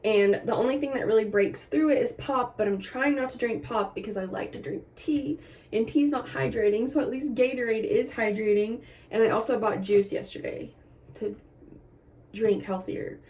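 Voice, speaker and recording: A young adult woman speaks at normal speed in a fairly high, darkish voice. Recording a casual pregnancy vlog indoors at home, she chats candidly to a tripod camera, laughing through her complaints while a bit short of breath.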